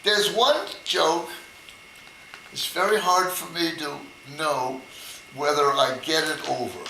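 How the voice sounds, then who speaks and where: An older man tells jokes at a birthday party at a slow, unhurried pace. His voice is gravelly but bright, and his pitch swings widely. The recording picks up a roomy echo. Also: a little hiss or hum. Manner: slow, deliberate storytelling with hesitations. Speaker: joke teller. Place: room at a family birthday party.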